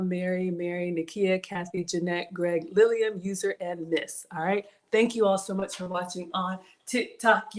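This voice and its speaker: Woman, middle-aged, casual livestream host, greets viewers by name, playful, medium pitch. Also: darkish tone. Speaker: home cooking livestream host. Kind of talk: casual live cooking stream chat. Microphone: streaming from home setup.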